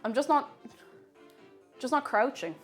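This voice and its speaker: A young Irish woman with a fairly high voice that swoops up and down as she talks. She rambles happily through a live baking stream, laughing and reading chat aloud. Faint music plays softly behind her. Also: unhurried. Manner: animated, rambling and laughing, reads out chat messages.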